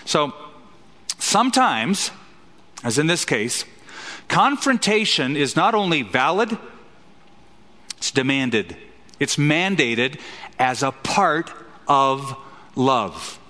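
A man's voice: a little high, sing-song, slow, pauses often, pushed and bright, in a large hall. A man preaching an expository sermon as a pastor, emphatic and fond of rhetorical questions.

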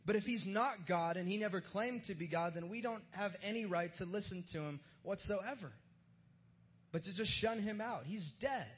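Guy pastor preaching, pretty high voice, casual jokey slang. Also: normal speed, a bit bright. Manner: casual and joking, uses slang. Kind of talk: sermon. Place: church service in front of a live crowd.

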